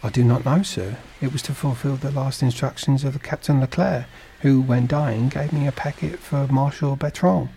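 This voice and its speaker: A man's voice: medium pitch, steady tone, moderate pace, gravelly, mellow, slight background noise, pitched above the performer's own voice, close to an everyday voice. A man voicing an earnest young sailor. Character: young male ship's mate, earnest and respectful.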